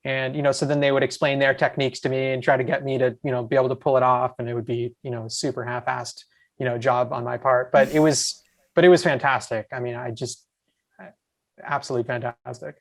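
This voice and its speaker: A man's voice: mid-range voice, flat delivery, brisk, vocal fry. A man, a podcast guest, telling enthusiastic, rambling stories full of asides in casual chat. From USA. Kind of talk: casual storytelling.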